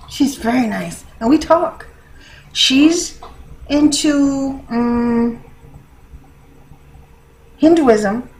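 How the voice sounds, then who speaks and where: Woman vlogger, high voice, rambling and chatty, laughs a lot. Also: a little mellow, a little hiss or hum, rough recording. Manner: laughs often, rambling with many fillers. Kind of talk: casual rambling monologue.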